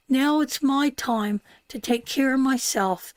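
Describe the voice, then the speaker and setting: Older woman, Newfoundland accent, tarot host, slow unhurried talk, fairly high voice, dry close sound, affectionate. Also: no room sound. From Newfoundland, Canada. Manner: affectionate, calls viewers darling and sweetheart. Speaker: tarot reader hosting a live stream. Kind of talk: casual live-stream talk.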